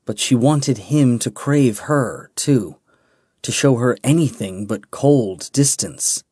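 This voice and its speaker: A man reading a fantasy audiobook in a measured, dramatic way. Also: medium pitch, mellow, slightly rough, no echo, clean studio sound. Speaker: audiobook narrator. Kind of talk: scripted fantasy narration.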